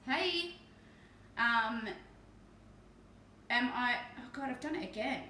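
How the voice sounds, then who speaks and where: Slow, with long pauses, a woman with an Australian accent from Perth, Western Australia, chats and swears casually while painting miniatures on a live stream at home. Her voice is on the high side and sharp in tone. She's far off mic in an echoey room with slight background noise.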